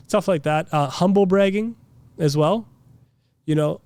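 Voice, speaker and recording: A man's voice: high-pitched, fairly even intonation, normal speed, a little mellow, smooth, no room sound. A man giving a casual religious lesson, chatty and full of "you know" and "like", now and then mimicking preachers. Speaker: Islamic teacher. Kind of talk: casual classroom lecture.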